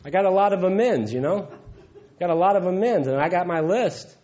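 A man's voice: high-pitched, animated, fairly quick, mellow. A man gives a heartfelt, folksy personal testimony at a recovery meeting, often chuckling. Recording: dull lo-fi recording.

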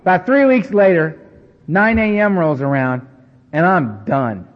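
A man speaking to a recovery meeting, telling stories in an animated, self-mocking way and acting out the dialogue. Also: high-pitched, unhurried. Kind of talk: storytelling talk to an audience. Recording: dull recording with long hall reverb.

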